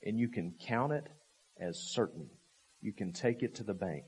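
A man preaching a sermon, emphatic and full of rhetorical questions, repeating key phrases and swinging from raised, forceful lines to low, quiet ones. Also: lively intonation, normal speed, slightly rough.

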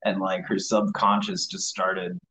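A man's voice: fairly low pitch, a little slow, creaky, poor audio. A man talking casually about a TV series, loose and full of "like". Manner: relaxed, lots of "like" fillers. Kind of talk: casual chat about a TV show.

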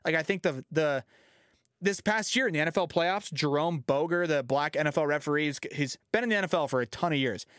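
A man hosting a casual podcast chat, ranting with lots of profanity and lively swings. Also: fairly high pitch, a little fast, clean tone, dry recording, clean studio sound. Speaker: podcast host.

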